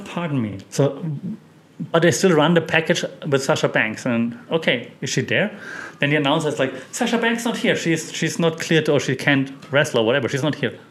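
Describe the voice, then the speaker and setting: A man's voice: a little high, normal speed, fairly bright tone. A man hosting a casual wrestling recap, chatty and opinionated, with many fillers and restarts. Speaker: wrestling podcast host.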